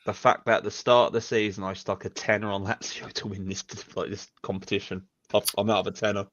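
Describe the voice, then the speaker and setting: Co-host guy, chatty and lively, bright sharp voice, kinda dull lo-fi audio. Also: lowish voice, fast talker, no echo. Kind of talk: casual fan show chat.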